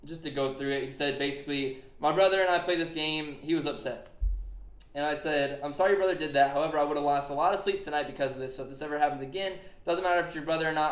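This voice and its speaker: Young male podcast host, earnest and rambling, a bit high-pitched, echoey room. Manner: earnest, retelling a conversation with many fillers. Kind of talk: casual podcast chat.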